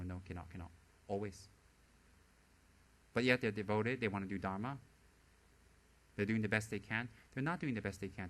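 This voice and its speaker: A man delivers a Dharma teaching with theatrical exasperation and a sharp tongue. His voice is bright and forceful. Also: mid-range voice. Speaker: Buddhist teacher. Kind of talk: animated Dharma talk.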